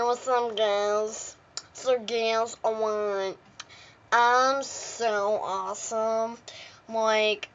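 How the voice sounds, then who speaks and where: A woman's voice: a little high, fairly bright tone, lo-fi sound. A woman voicing a vain, boastful young woman who keeps praising her own looks. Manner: self-admiring, whiny.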